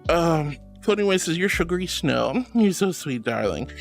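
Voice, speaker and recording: A woman streaming casual chat as a sweet archangel persona, her pitch swinging widely as she plays up mock grandeur. She shifts into a gentle, comforting tone for her viewers, with faint music underneath. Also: animated, moderate pace. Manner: playful, dramatic, comforting toward chat. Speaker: VTuber streamer.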